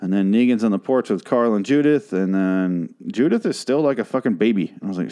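A man casually recapping a TV episode in a sarcastic, profane, rambling way, sometimes trailing off into quiet mutters. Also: on the low side, lively intonation, fairly quick, few pauses. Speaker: show recap host.

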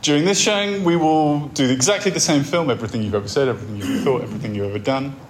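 A man voicing a calm, formal male cinema announcer who welcomes a lone viewer. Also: mid-range voice, rapid-fire, reverberant, noisy background, lightly acted. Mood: welcoming. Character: smooth male cinema announcer at time's end.

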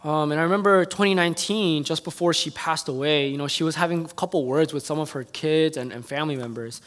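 A male pastor preaches in a church, his fairly high voice ringing out with a long hall reverb around it. He tells stories earnestly and builds toward passionate calls to his congregation. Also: fast, a bit bright. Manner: earnest storytelling that builds to impassioned appeals. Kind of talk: sermon. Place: church sanctuary.

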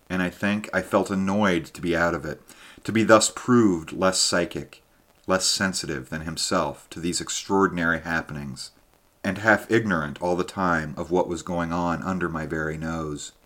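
Deep-voiced man reading a story. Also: moderate pace, fairly bright tone. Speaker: audiobook narrator. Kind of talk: scripted narration.

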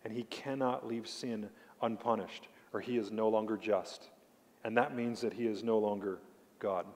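A man's voice: on the low side, fairly even intonation, a little mellow. Emphatic male preacher in a reverberant hall. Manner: emphatic preaching, slowing down to stress key words; addresses the congregation directly with questions. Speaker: pastor. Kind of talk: sermon. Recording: long reverb of a large hall.

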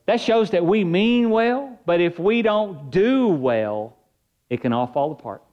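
Pastor, male, high-pitched, preaches in an earnest, chatty way; slightly dull recording. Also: lively intonation, a little slow. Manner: earnest, conversational preaching with shifting emphasis. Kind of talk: sermon.

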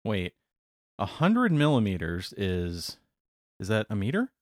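A man's voice: fairly low pitch, huge pitch swings, darkish tone. A man co-hosting a casual podcast, quipping and laughing along. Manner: jokey, laughs often, quick quips. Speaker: podcast co-host. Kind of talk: casual chat.

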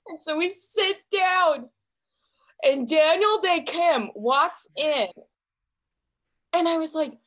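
A young adult woman, a podcast guest, telling personal stories in a lively way, swearing freely and laughing as she talks. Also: very high voice, slow, long pauses. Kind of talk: casual storytelling interview.

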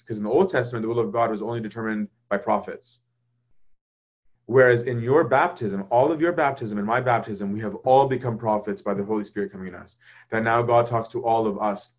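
A man teaching in a casual, conversational way. He keeps checking in with "right?" and acts out quoted thoughts in lively voices. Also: lowish voice. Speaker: speaker leading a faith discussion.

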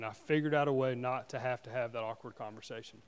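A man giving a personal testimony at a church service, speaking earnestly and haltingly with frequent restarts. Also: mid-range voice, level tone, clear, resonant tone, in a large hall. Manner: earnest, halting, with many restarts and "you know"s.

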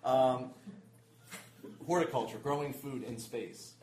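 A man's voice: medium pitch, slow, darkish tone. A man hosting a casual chat, joking and steering the talk to new questions. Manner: jokey, steers the conversation. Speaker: podcast host. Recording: echoey room.

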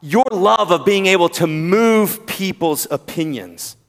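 This pastor, a man with a Southern accent, preaches with a high, expressive voice, stretching key words with pauses and swinging from loud emphasis to hushed tones. A long hall reverb hangs over the recording.

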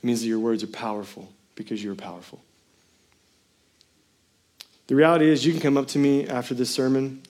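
A pastor in his thirties preaches in a loose, chatty way and mixes jokes into scripture. His voice has a medium pitch and he often jumps up into loud, excited outbursts. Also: brisk, long pauses. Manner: animated, jokey storytelling with sudden loud bursts. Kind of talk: sermon.

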